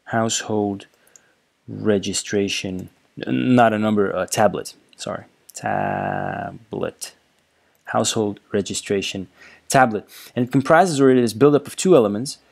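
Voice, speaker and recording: A man with a low, gravelly voice gives a relaxed lecture over slides. He explains as he goes, pausing on fillers and repeating words while he thinks. His tone stays easygoing throughout. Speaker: language teacher.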